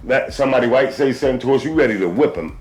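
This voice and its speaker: A podcast host from the US East Coast tells stories in casual chat, talking rapid-fire at a medium pitch over loud music. He's an animated storyteller who stammers and restarts a lot.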